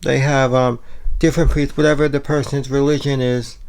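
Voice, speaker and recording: This Puerto Rican man speaks at medium pitch and normal speed, level in tone, with vocal fry and a darkish quality. He's a vlogger rambling casually through his home's kitchen and bedroom, peppering his talk with "you know" and "like."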